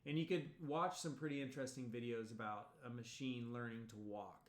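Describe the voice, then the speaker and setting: A man's voice: mid-range voice, steady tone, a little fast. A male college instructor giving a recorded video lecture in a loose, rambling way, full of fillers and restarts. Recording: echoey room.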